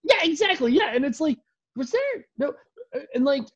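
A man's voice: extremely high pitch, normal speed. Rambly fired-up guy on a podcast, voice jumping all over, kinda muffled audio. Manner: excitable, rambling, mock-indignant. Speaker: podcast guest. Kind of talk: casual podcast chat.

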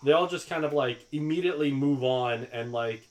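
A man co-hosting a podcast, chatting casually and going off on animated tangents with lots of yeahs. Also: mid-range voice, fairly quick. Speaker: podcast co-host. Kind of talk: casual film discussion.

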